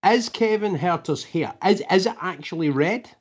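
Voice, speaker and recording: A man's voice: high-pitched, expressive, moderate pace. A man co-hosting a casual basketball podcast, speaking with wry, dry humour and hesitant fillers. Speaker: podcast co-host. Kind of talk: casual chat.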